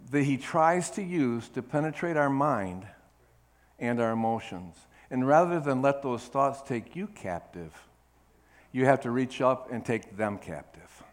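A middle-aged man preaching a sermon with emphasis, moving between loud declarations and quiet asides and calling on the congregation to answer. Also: mid-range voice, lively intonation, a little slow. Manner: calls for congregation response. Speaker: pastor.

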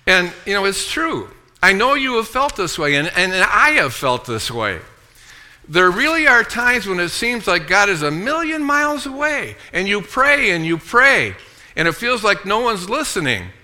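A man's voice: big pitch swings, normal speed. A man preaching a sermon as pastor, calling for "amen" and having the congregation repeat after him. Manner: preaching with call-and-response, frequent "amen" and "okay"; reads scripture aloud in a lower, softer voice.

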